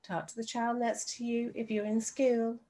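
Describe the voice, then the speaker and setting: A woman teacher giving a recorded lesson from home to young children, speaking slowly and clearly and sounding out words syllable by syllable. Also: fairly high pitch, level tone, warm tone. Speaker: primary school teacher.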